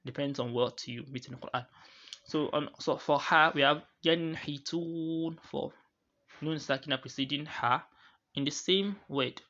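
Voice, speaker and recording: A man teaching Quran recitation rules, pausing and restarting often and slowly drawing out each recited example. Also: mid-range voice, bright, forceful tone, highs cut off. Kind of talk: explaining tajweed rules to students.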